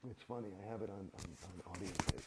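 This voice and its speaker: A man's voice: low voice, quick pace, noisy background. A man giving a candid interview, talking in an emphatic, profane, rambling way with many restarts. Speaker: interviewee, former church member.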